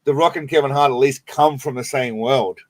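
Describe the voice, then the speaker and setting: A man's voice: medium pitch, brisk, darkish tone, dry recording. A man hosting a livestream who comments on clips with crude jokes and frequent laughs. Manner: crude joking, laughs often. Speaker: livestream host. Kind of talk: casual reaction commentary.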